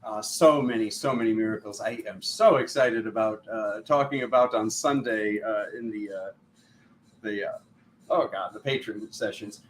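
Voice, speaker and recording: A man hosting a casual livestream, excitable and quick to laugh as he greets viewers by name. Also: fairly low pitch, slight background noise. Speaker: spiritual livestream host.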